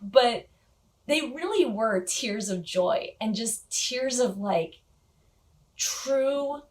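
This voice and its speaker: A woman's voice: on the high side, animated, very slow. A woman vlogger telling a personal story in a casual, chatty way, with frequent little laughs and filler words. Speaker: motorcycle gear vlogger.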